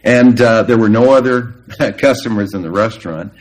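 A middle-aged man preaching a sermon, earnest and emphatic, with long pauses. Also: on the low side, low-quality recording. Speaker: pastor.

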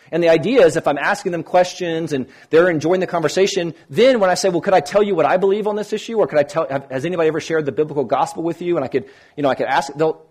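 His voice is on the high side, a little mellow with a breathy edge, as he teaches Christian apologetics informally. He talks in a conversational way, restarts often, and dramatizes quoted exchanges.

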